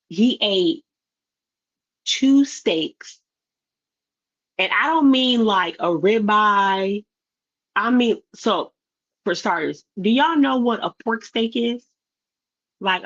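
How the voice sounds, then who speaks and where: Exasperated woman ranting in slang. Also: mid-range voice. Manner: animated, exasperated, blunt. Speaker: streamer commenting on videos. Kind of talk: casual commentary rant. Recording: slightly dull lo-fi audio.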